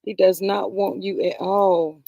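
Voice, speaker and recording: A woman's voice: medium pitch, little pitch movement, a little slow, gravelly, mellow, no room sound. Exasperated woman scolding on a livestream. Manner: scolding, addresses the people she talks about directly; exasperated, sighs "Lord have mercy". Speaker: vlogger commenting on a reality show. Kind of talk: heated livestream commentary.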